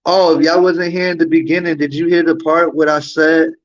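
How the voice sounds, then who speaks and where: In dull lo-fi stream audio, a man hosting a livestream delivers a heated, profane commentary rant full of repeated rhetorical questions. His voice is a little high, fairly quick, and flat in delivery.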